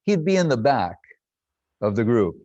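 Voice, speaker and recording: Older man telling animated stories. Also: medium pitch, normal speed, no room sound. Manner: animated, laughing, acts out quotes. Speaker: devotee recounting memories. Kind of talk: reminiscing storytelling talk. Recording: dull lo-fi dry sound.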